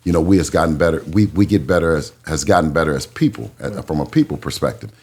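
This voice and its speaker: Very deep, husky-voiced man. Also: expressive, a little mellow. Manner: earnest, halting, full of fillers. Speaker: boxing trainer, guest. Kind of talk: casual interview chat.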